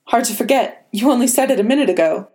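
A woman reads as a frightened teenage boy, his voice pushed up high and strained with nerves. He still snaps back with quick, defiant quips. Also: expressive, warm tone, close to an everyday voice. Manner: strained, nervous. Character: scared teenage boy hero, quipping.

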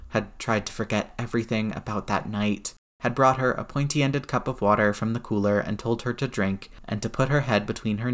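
A man narrating a story aloud in a steady, measured reading voice. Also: lowish voice.

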